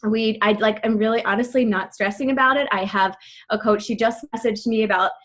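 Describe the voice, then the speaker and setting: A woman in her thirties leading a team call, telling a personal story quickly and breathlessly, full of "like" fillers, her voice shaking with emotion. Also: mid-range voice, fairly even intonation, a bit bright. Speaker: team leader speaking to her coaching team.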